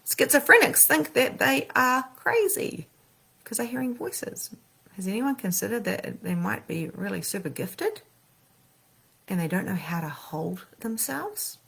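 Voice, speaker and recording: A woman, a spiritual coach and medium, talking casually and animatedly with slang, her voice swinging between loud and soft. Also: fairly high pitch, breathy edge. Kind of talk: casual motivational talk.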